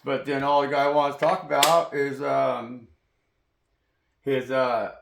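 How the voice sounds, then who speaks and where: Male tarot reader, rambling profane sermonizing, gravelly mid-pitched voice, echoey room sound. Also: flat delivery, slow, background noise. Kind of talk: rambling spiritual monologue.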